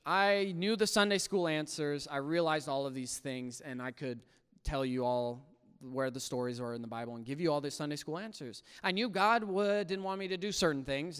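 A young man giving an earnest personal faith testimony, swinging from hushed to loud and emotional. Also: fairly high pitch, clear, resonant tone, big-room sound. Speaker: testimony speaker.

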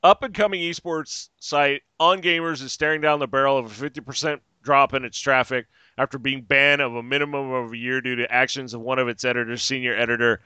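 A man rants profanely on a podcast in a bright, forceful voice with a smooth, crisp tone. The recording is dry and close, with no room sound. He is sarcastic and keeps going off on tangents. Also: medium pitch, dry recording. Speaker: podcast host. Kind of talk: casual ranting chat.

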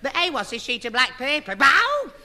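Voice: mid-range voice, animated, quick pace, bright, forceful tone. An actor playing a dim-witted young lad in a radio sitcom, rambling and stumbling over his words. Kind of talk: 1950s radio sitcom acting.

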